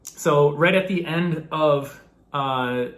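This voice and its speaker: A young man casually telling a story to camera, animated and laughing often, acting out the people in it. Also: on the high side, slow pace. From New York. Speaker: former college baseball player telling his story.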